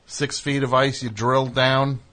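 A man's voice: mid-range voice, level tone, a little slow, fairly bright tone. A man hosting a call-in radio show, teasing and needling the caller. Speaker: host.

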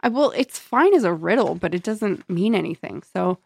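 Wry woman with a gravelly voice. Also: mid-range voice, lively intonation, moderate pace, few pauses, darkish tone, no echo, clean studio sound. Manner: wry, sarcastic, mock-quotes characters. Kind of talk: casual book chat.

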